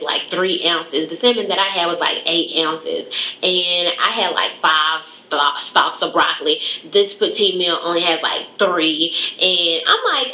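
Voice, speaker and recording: A woman's voice: fairly low pitch, pushed and bright. A young woman, a cosmetology student, telling a profane, exasperated story in a casual rant. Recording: echoey room.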